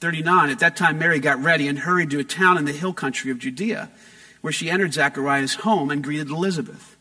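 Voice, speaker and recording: A man preaching a sermon, reading scripture aloud and expounding on it with emphatic rises and drawn-out phrases. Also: fairly high pitch, bright, forceful tone, husky. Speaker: pastor.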